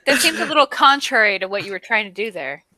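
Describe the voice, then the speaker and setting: A woman with a bright, somewhat high voice, chipping into a comedy stream with deadpan asides. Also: fast talker, dry recording, low-quality recording. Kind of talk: improvised comedy banter.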